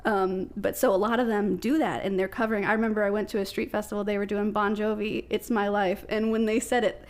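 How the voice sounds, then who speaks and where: A Midwestern woman from Ohio, guesting on a podcast, chats casually and laughs a lot while telling stories. Her medium-pitched voice stays fairly flat and moves at a fairly quick pace, with an Ohio Midwest American accent.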